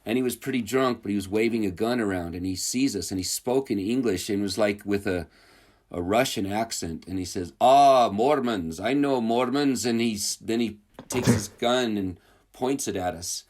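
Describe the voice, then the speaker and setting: Casting: man with a lowish voice, relaxed anecdote teller, chuckles, loose and rambling. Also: moderate pace. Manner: rambling and chuckling, with many fillers and restarts. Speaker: returned missionary telling stories. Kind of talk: casual storytelling interview.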